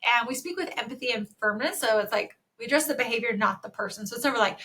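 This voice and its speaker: A woman hosting a podcast, coaching in a chatty, energetic way and acting out sample conversations. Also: on the high side, fast talker, few pauses. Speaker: podcast host and dental practice coach. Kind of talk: solo podcast teaching talk.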